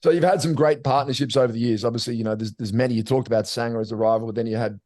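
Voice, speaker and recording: A man's voice: mid-range voice, fairly even intonation, very fast, a little mellow, dry recording, clean studio sound. A male podcast host asking a guest a question in an easygoing way. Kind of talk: interview question.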